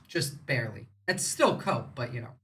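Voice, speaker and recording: A woman's voice: rumbling low, animated, normal speed. A woman from the United States hosting a livestream, giving rambling, sarcastic political commentary. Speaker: livestream host.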